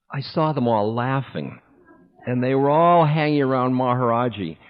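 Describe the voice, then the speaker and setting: A man as a spiritual teacher, telling a personal story to an audience in a candid, self-mocking way that breaks into laughter. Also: mid-range voice. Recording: echoey hall, dull older recording.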